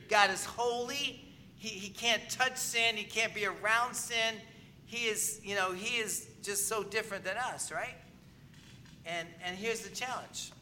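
Bright, high-pitched male preacher. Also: slight background noise. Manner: conversational, asks the congregation for agreement. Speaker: pastor. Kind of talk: sermon.

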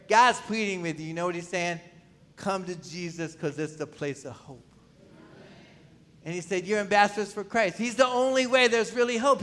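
Male pastor, high bright voice, preaching in church, pleading and asking the congregation questions. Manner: pleading, rising to near-shouts, then dropping low. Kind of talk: sermon.

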